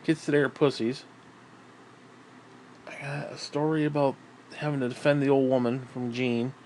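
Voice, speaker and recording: A man's voice: mid-range voice, level tone, normal speed, darkish tone, slight background noise. A man in a casual, meandering monologue about his writing, swearing freely and trailing off with fillers. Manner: profane, meandering, frequent fillers. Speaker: writer talking about his books.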